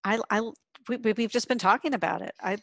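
A woman co-hosting a casual fan discussion, talking in a halting way and repeating words as she starts. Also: a little high, dry recording, clean studio sound.

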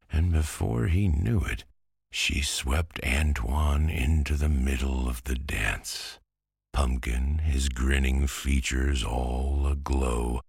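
Very deep, gravelly bedtime storyteller man. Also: no room sound, clean studio sound. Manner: slow, soothing delivery.

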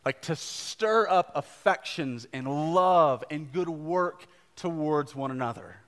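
A man's voice: a little high, animated, slow pace. A young adult man preaching a live sermon to a congregation, conversational and earnest, with casual asides. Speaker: pastor. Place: church gathering before a congregation. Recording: live church recording with long hall reverb.

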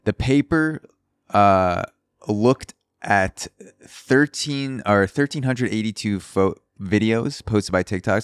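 Man, podcast host, casual profane riffing, low voice, dry close sound. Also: clear, resonant tone, no room sound. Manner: loose, profane, riffing on the news. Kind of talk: casual solo podcast commentary. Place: apartment in a city building, indoors. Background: construction drilling outside.

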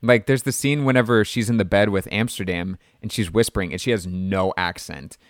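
Man, low voice, dry close sound, chatty film talk with plenty of filler words. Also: brisk, no room sound. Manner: chatty, animated, lots of fillers. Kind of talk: casual film discussion.

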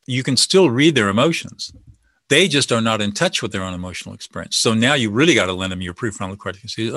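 A man's voice: mid-range voice, expressive, fast, pushed and bright, no echo, clean studio sound. A man speaking as an expert guest in an interview, explaining listening and de-escalation in a confident, teaching way. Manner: confident, teaching, acts out sample dialogue.

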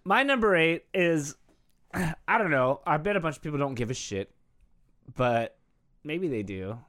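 A man co-hosting a podcast, chatting casually, joking, laughing often and quickly taking back his teasing. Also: on the high side, lively intonation, fairly bright tone. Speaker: podcast co-host.

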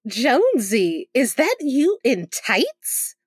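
A woman's voice: high voice, huge pitch swings, slow pace, breathy edge, dry recording, clean studio sound, heavily acted. A woman playing a teasing rich socialite. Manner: flirty and teasing. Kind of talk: improvised tabletop role-play.

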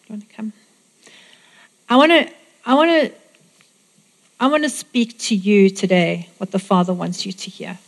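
A woman preaching a sermon, praying and declaring blessings over the congregation with emphatic repetition. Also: mid-range voice. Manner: warm, declaring and emphatic, repeating phrases.

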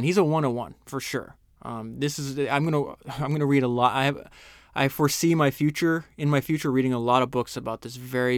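A man hosting a podcast, reading passages from a book aloud and breaking off to comment earnestly and enthusiastically, slowing down for the key lines. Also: medium pitch, no room sound, clean studio sound. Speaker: podcast host.

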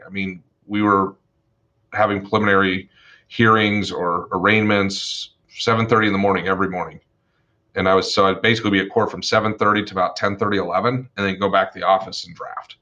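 A man talks casually about his early days as an attorney, his voice fairly low with a bright, pushing edge. He tells stories in a lively way, swears without hesitation and acts out the people in his stories. The recording sounds a little dull and lo-fi. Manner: animated, profane, acts out the people he quotes. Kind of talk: casual storytelling chat.

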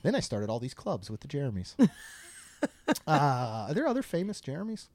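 A man's voice: mid-range voice, wildly swooping pitch, normal speed, darkish tone, no echo. Chatty man co-hosting a podcast, dry sound. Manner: chatty, jokey, reads menu items aloud. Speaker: podcast co-host. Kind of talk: casual podcast chat.

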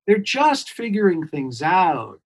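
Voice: medium pitch, sing-song, slow, breathy edge. Earnest clinician explaining with emphasis. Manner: earnest, emphatic, repeats key points. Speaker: clinician guest. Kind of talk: expert explaining on a podcast interview.

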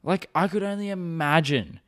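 A man's voice: fairly high pitch, normal speed, a bit bright. A young man hosting a podcast, telling a story in a rambling, profane, self-mocking way. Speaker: podcast host. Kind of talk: casual solo storytelling.

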